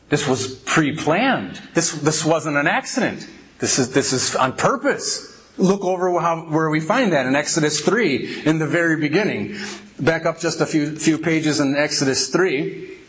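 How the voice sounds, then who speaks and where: A middle-aged man preaching as a pastor, telling a funny story with lively energy before reading and explaining Scripture. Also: on the high side. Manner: animated storyteller, laughs while telling. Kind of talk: sermon with storytelling.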